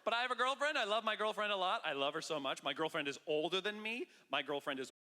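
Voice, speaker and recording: A man in his thirties from Canada performing a loud, excitable stand-up comedy set with mock bravado. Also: high-pitched, fast. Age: 30s. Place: large theater stage. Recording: live stage audio with long hall reverb.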